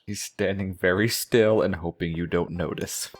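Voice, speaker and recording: A man trading deadpan jokes with friends during a game. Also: deep voice, moderate pace. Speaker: let's play co-host. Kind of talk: casual gameplay banter.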